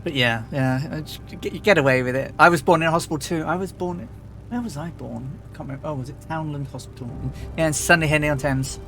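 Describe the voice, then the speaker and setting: A man's voice: on the high side, quick pace, fairly bright tone, soft background music. A man from England, chatting casually as a livestream host, rambling with lots of fillers and restarts. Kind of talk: casual chat.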